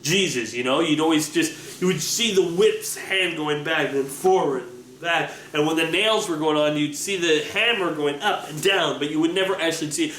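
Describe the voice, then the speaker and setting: A young man telling stories in a casual chat, animated and full of restarts. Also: normal speed, few pauses, slight background noise. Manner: animated storytelling, excited rising pitch, many restarts. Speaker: vlogger answering viewer questions. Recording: echoey room with faint ambience.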